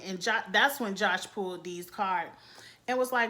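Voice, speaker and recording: Woman vlogger, AAVE, sassy reality-TV recap, lively asides. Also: medium pitch, a little slow. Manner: sassy, animated, quotes cast members. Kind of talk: casual recap commentary.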